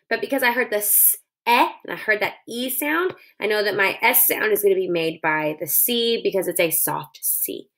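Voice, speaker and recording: A woman teaching a phonics lesson to young children, sounding out syllables clearly and encouraging them. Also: medium pitch, moderate pace, a bit bright.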